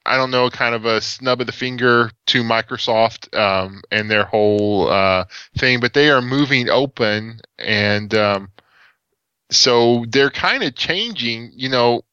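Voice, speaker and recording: A man's voice: medium pitch, unhurried, bright, forceful tone, clean tone, dry recording, lo-fi sound. A man with an East Texas accent chatting casually about tech, rambling with lots of fillers and restarts. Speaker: podcast co-host.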